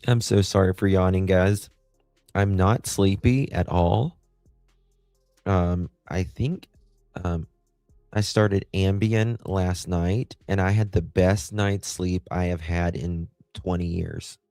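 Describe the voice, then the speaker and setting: A man's voice: sits low, steady tone, slow, darkish tone, no room sound, clean studio sound, faint music behind. A man hosting a casual livestream. He rambles in a chatty way and talks back to viewers' comments. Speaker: livestream host.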